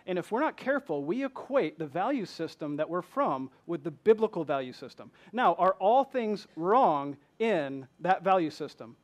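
A pastor whose voice runs on the high side preaches a passionate sermon in a church. He's from Michigan, speaks with a Southern accent, and asks the congregation many rhetorical questions.

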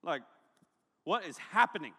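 A male pastor preaching a sermon to a congregation in a large hall, joking and animated, breaking into shouts. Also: a little high, a little slow, slightly rough. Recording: long hall reverb.

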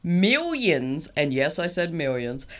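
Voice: mid-range voice, normal speed. A podcast co-host chatting casually, joking around and tossing in "y'all" and "baby". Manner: relaxed, jokey, uses "y'all" and "baby".

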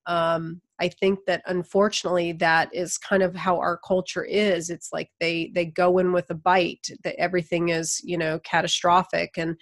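A woman guest telling stories in a casual interview, animated and acting out the voices of people she quotes. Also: lowish voice, normal speed, few pauses. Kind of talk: casual conversational storytelling.

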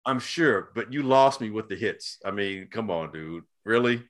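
A man co-hosting a casual sports talk show, animated and slangy, often stammering and repeating words. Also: fairly low pitch, normal speed.

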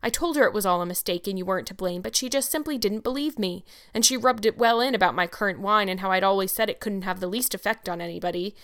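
A woman reading an audiobook and voicing a stern, brisk middle-aged woman who scolds quickly. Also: medium pitch, fairly bright tone, clear, resonant tone, lightly acted.

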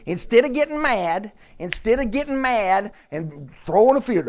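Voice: sits high, animated, moderate pace, hardly any pauses. An older preacher giving an interactive sermon in a church, questioning the congregation, teasing and emphatic. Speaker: preacher teaching scripture.

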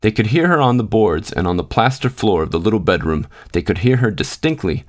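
A man reading a short story aloud in a measured, unhurried narration. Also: fairly low pitch, expressive. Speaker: podcast host and reader. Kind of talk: scripted narration.

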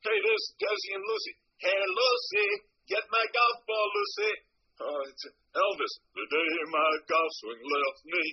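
A man's voice: high voice, measured pace, husky, highs cut off. A man doing an impression of a brash, self-mocking older comedian's ghost, firing off one-liners with a repeated "I'll tell you" refrain. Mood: wisecracking. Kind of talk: stand-up impression.

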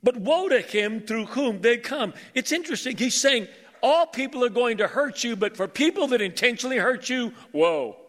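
A male pastor, preaching in a high, bright voice. He is lively and joking, drawing in his congregation. The long reverb of a large church hall trails after every phrase. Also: moderate pace. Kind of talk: sermon.

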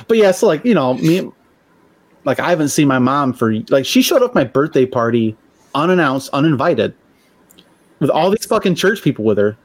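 A man's voice: fairly high pitch, sing-song, moderate pace, no echo. A man, telling blunt, profane stories in casual podcast chat and acting out the voices of people he quotes. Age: 40s. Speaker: podcast co-host.

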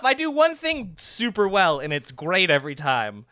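Laid-back player at a tabletop game, jokey, bright voice that bounces around. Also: medium pitch, wildly swooping pitch, moderate pace, dry recording, clean studio sound. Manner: playful, self-mocking, laughs often. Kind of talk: casual tabletop game chat.

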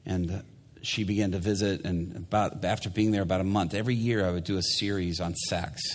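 A man's voice: deep voice, steady tone, fairly quick, in a large hall. A male pastor preaching a sermon, telling a story animatedly and acting out the people in it.

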